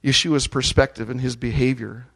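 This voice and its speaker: A man preaching a sermon, reading scripture aloud and leading the congregation in call-and-response chants, rising to loud ringing peaks. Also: medium pitch, fairly even intonation, moderate pace, gravelly. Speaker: pastor.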